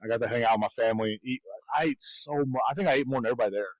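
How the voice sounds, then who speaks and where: A man's voice: mid-range voice, very fast, no room sound, poor audio. A man co-hosting a podcast, telling rambling stories in casual chat and laughing often. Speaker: podcast co-host.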